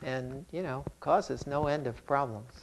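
A man who teaches Zen, giving a calm, reflective dharma talk with touches of humor. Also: medium pitch, unhurried, slight background noise.

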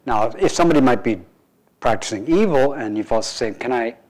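A man, a meditation teacher, giving a relaxed dharma talk to a group with playful, wry asides. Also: medium pitch, a little fast, low-quality recording.

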